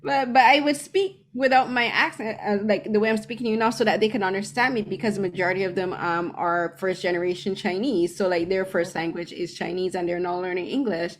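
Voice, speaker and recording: A woman from Barbados co-hosting a podcast, speaking casually in an animated, chatty way with many fillers. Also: medium pitch, fairly quick, hardly any pauses, a little hiss or hum. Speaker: podcast co-host. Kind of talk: casual conversation.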